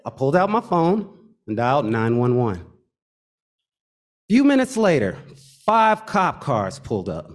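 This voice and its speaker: A man telling a true personal story, expressive and wry, building suspense with pauses. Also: mid-range voice.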